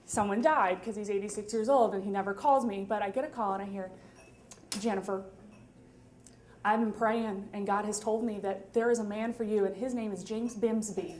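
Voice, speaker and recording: A woman in her twenties telling a wry, funny story live on stage at a story slam, with quick asides and laughter. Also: mid-range voice, fairly even intonation, a little mellow, slight background noise. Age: 20s.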